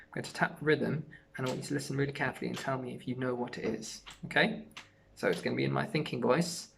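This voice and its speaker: A primary school music teacher giving an online lesson to young children, speaking gently and encouragingly. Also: medium pitch, steady tone, fast talker, vocal fry, slight background noise.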